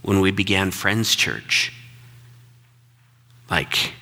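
Brief: middle-aged man, pastor, sermon storytelling, bright husky voice, echoing hall. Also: sits low, expressive, extremely slow. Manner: conversational, reflective, repeats words when emphatic.

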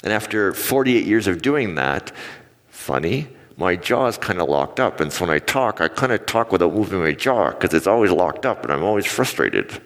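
A low-voiced man in his forties delivers a sermon from a stage, his words trailing off into a long hall reverb. He tells personal stories and acts out the people in them with lively energy. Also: moderate pace. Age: 40s. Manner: animated storytelling with acted-out quotes. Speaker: pastor.

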